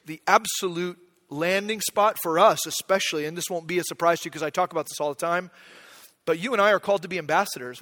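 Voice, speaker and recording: A middle-aged man preaching a sermon, telling stories about himself with humor and swinging between quiet reflection and loud outbursts. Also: high-pitched. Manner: storytelling, self-deprecating, swings from quiet to shouting. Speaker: pastor. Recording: long hall reverb.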